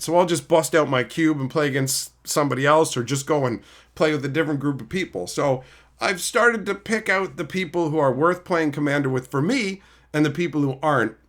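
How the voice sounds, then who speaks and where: A middle-aged man chatting casually on a live stream, reading chat and telling animated, profane stories. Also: on the high side, moderate pace. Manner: animated, profane storytelling, mimics people.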